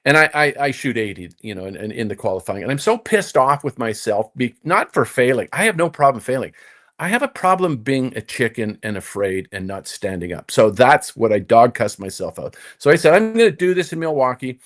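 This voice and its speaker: An older man spins a long story from his playing days, his pitch jumping up and down as he acts out what he told himself. He stumbles into restarts, repeating "and, and" before surging forward again. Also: very animated, a little fast, a bit bright. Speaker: guest, former tour golfer. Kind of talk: storytelling in casual conversation.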